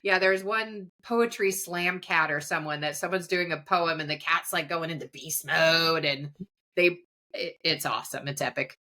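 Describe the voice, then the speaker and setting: A woman's voice: deep voice, moderate pace, pushed and bright. A middle-aged woman hosting a podcast, chatting casually and rambling with frequent giggles. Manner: giggly, rambling, laughs often. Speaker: podcast host. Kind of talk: casual chat.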